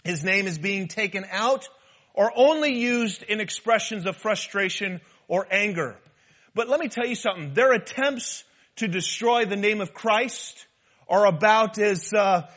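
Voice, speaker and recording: A man preaching a sermon in an animated, humorous style, with rhetorical repetition. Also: high voice, moderate pace. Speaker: pastor.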